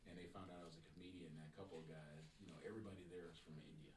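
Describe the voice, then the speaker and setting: A man's voice: deep voice, fairly even intonation, very fast, a crowd in the background. A male comedian telling laid-back joking anecdotes in a casual chat, often saying "you know". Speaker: stand-up comedian. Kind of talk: casual storytelling.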